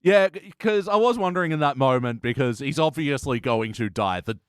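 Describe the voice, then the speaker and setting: A man's voice: on the high side, lively intonation, a little fast, smooth, no room sound. Easygoing man, dry close podcast mic. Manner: easygoing, laughs often, drops wry asides. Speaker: podcast co-host. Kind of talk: casual podcast chat.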